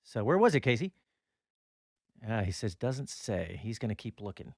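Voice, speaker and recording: A man's voice: fairly low pitch, big pitch swings, fairly quick, no echo. Rambling male radio host, dry studio. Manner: rambling, chuckling, self-correcting. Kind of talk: casual studio chat.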